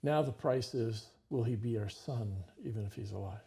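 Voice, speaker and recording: A man's voice: on the low side, normal speed, gravelly, mellow, slight background noise. A man hosting a talk show, telling a story in a vivid conversational way and acting out the dialogue.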